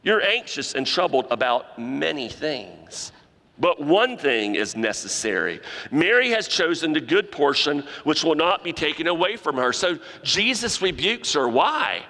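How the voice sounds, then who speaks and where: A pastor preaches with animation, now and then acting out the voices he quotes. His voice is bright and ringing, a little high for a man. It carries through a large church hall with a long reverb. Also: big pitch swings, a little slow, gravelly. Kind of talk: sermon. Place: church sanctuary.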